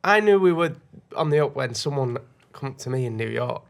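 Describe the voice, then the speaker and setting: A man's voice: mid-range voice, lively intonation, fairly quick, vocal fry. A man co-hosting a podcast, trading cheeky jokes in casual banter. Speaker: podcast co-host. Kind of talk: casual chat.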